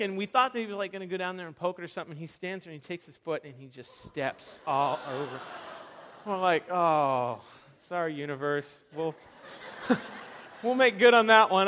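A young man preaching a sermon, telling animated, self-deprecating stories with frequent restarts. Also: sits high. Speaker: pastor.

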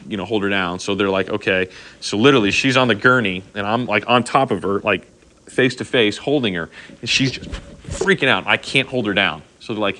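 A middle-aged pastor delivers a sermon in a bright, forceful voice that sits a little low. He talks casually, tells a personal story, and keeps asking his listeners "okay?". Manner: conversational, animated storytelling with frequent "okay?" asides.

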